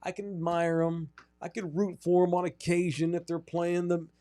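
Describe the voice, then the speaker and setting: A man's voice: high voice, flat delivery, moderate pace, dark tone, no echo. A man from North Texas, hosting a casual sports podcast and ranting emphatically as he tells stories. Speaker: podcast host.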